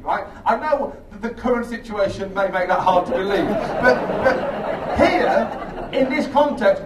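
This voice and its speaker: A man doing a rambling, sweary, self-mocking stand-up set on a theatre stage, with bursts of shrill shouted impressions. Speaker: stand-up comedian. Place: theatre stage with a laughing audience. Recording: echoey live room, distant, audience noise.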